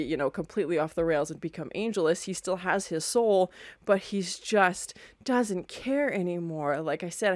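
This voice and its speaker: Young woman, reaction video host, casual review talk, lowish voice, dry close sound. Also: dry recording. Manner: exclaims often, then talks at length in an even, thoughtful way.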